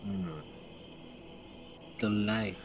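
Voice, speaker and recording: A man's voice: fairly low pitch, level tone, drawn-out words, a little hiss or hum, poor audio. A young man playing a tabletop game, giving brief, offhand answers. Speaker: player. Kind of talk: casual tabletop play.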